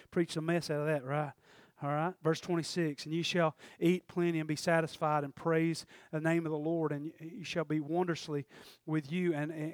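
Man, preacher, high voice, dry sound, shouts at the peaks. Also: dry recording. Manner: shouts and climbs in pitch at peaks, calls for amens. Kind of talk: sermon.

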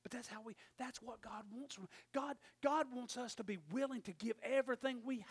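A man preaching a sermon and telling a personal story, swinging from loud emphatic preaching to quiet storytelling. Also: extremely high pitch, fairly quick, few pauses, breathy edge.

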